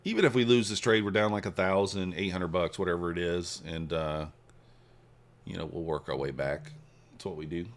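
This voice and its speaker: A man hosting a trading livestream, casually reading and answering viewer chat while he trades, swinging between hyped shout-outs and quiet muttering. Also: deep voice, normal speed. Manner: hypes viewers, reads chat aloud, shifts from excited shouts to mumbling. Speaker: livestream host, futures trader.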